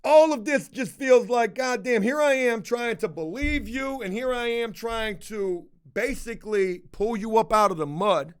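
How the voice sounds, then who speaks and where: Male vlogger with a high-pitched voice, ranting a story to camera in a blunt, profane, fed-up manner. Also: unhurried, few pauses, clean tone. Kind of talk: casual storytelling rant to camera.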